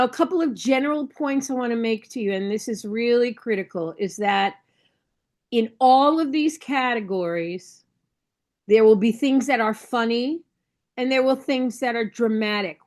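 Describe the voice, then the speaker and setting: A woman's voice: fairly high pitch, moderate pace, a little mellow. A woman coach training new judges over a video call, talking in a conversational, instructive way and often checking in with the listeners. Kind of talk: online training session.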